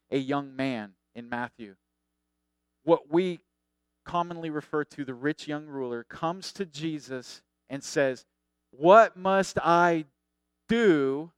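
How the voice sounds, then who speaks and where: Animated, smooth-voiced male preacher. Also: fairly high pitch, dry recording. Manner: animated, conversational, acts out quotes. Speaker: pastor. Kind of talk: sermon.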